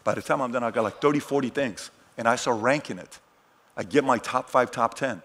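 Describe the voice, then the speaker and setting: A middle-aged man telling personal stories in a motivational talk, swinging from hushed lines to shouted ones. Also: medium pitch, a little fast, husky. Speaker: keynote speaker.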